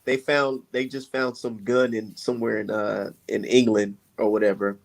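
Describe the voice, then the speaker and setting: A man hosting a casual chat, telling a profane, animated story and laughing often. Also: lowish voice, moderate pace, creaky. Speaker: podcast host.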